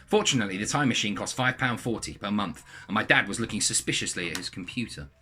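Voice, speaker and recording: Lively, husky-voiced man reading a story. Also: fairly low pitch, fast. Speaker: reader of a submitted story.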